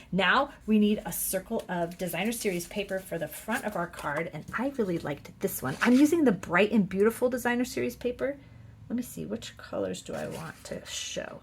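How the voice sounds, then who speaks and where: A middle-aged woman chatting her way through a card-making tutorial, upbeat and full of fillers and quick self-corrections. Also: mid-range voice, fairly bright tone, a little hiss or hum. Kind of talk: casual crafting tutorial.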